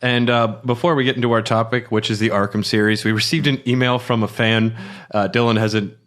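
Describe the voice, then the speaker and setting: A man hosting a podcast in casual chat, relaxed and quick to chuckle. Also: mid-range voice. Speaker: podcast host.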